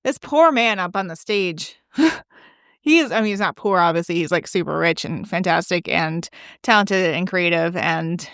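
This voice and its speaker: A woman's voice: on the low side, normal speed, fairly bright tone, no room sound, clean studio sound. A woman podcast host telling a chatty, gossipy story, laughing often and filling her talk with likes. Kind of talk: casual storytelling monologue.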